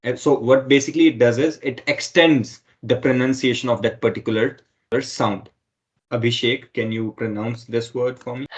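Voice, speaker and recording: A man's voice: medium pitch, steady tone, normal speed, lo-fi sound. A man teaching a French lesson online who explains step by step and keeps repeating himself with "okay".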